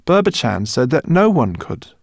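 A man voicing a calm, earnest young girl in a storybook reading. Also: medium pitch, normal speed, vocal fry, dry recording, clean studio sound, voice pushed up.

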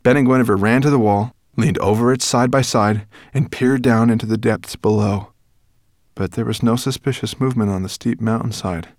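A man narrating a children's storybook, expressive and voicing each character. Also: medium pitch, normal speed, no room sound, studio quality. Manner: expressive, shifts voices for characters. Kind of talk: audiobook narration.

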